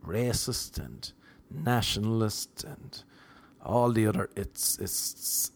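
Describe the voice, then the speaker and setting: A man's voice: fairly low pitch, takes it slowly, creaky, slight background noise. An Irish man rambling through a comic monologue, self-mocking and full of rhetorical questions. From Ireland. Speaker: vlogger.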